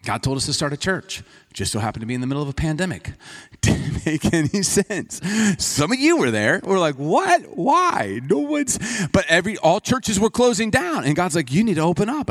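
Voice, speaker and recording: A male pastor preaching a sermon in a conversational storytelling way, acting out dialogue. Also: on the high side. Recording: reverberant hall.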